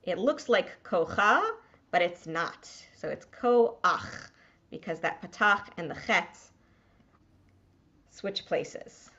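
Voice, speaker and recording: A woman's voice: fairly low pitch, takes it slowly, bright, forceful tone, dull audio. A woman rabbi teaching a small class to read Hebrew, patient and encouraging.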